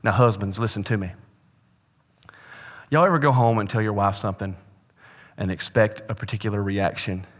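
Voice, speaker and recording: A man preaching a sermon as a pastor, telling a story with humor and swinging between loud and hushed delivery. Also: fairly low pitch, moderate pace, big-room sound. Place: church sanctuary.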